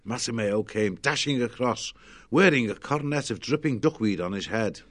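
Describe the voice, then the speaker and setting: A man narrating a children's storybook in a lively, expressive way. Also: medium pitch, moderate pace.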